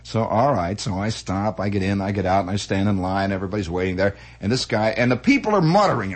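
A man telling comic stories in a rambling, animated way, full of restarts and acted-out voices. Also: lowish voice, a little fast, husky. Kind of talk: comic storytelling monologue.

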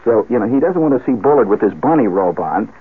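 A man telling a rambling comic story on the radio, animated and full of asides and restarts. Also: lowish voice, fast, breathy edge. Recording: tinny phone-like old radio broadcast.

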